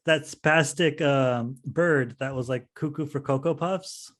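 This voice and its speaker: A man's voice: on the high side, measured pace, fairly bright tone. A man co-hosting a podcast, easygoing and agreeable in casual chat, often laughing. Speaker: podcast co-host.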